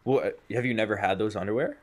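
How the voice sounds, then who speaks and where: A man's voice: on the low side, fast. A young man co-hosting a podcast, telling crude rambling stories, laughing often and acting out both sides of a conversation. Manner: rambling storyteller, laughs often, acts out voices. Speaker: podcast co-host. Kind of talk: crude casual podcast banter.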